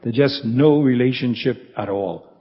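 A pastor giving an earnest expository sermon, slowing down to stress scripture as he reads it aloud. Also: medium pitch, in a large hall, dull audio.

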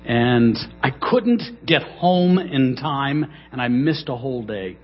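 A middle-aged man preaching a sermon in a church, dramatic, swinging between loud emphasis and hushed asides. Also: mid-range voice, expressive, slow, soft background music. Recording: dull, lo-fi sermon recording.

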